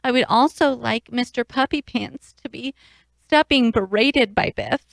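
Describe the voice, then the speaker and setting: A woman's voice: on the high side, unhurried, vocal fry, dry recording. A woman playing an emotional, melodramatic pregnant wife in court for an improv comedy sketch. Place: radio studio.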